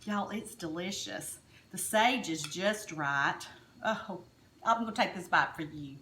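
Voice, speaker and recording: A woman's voice: on the low side, a little slow, sharp tone, reverberant, slight background noise. A woman with a Southern US accent hosting a chatty home cooking demonstration, folksy and enthusiastic as she talks to her viewers. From Alabama, US South. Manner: folksy, enthusiastic, keeps addressing viewers as y'all. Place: home kitchen.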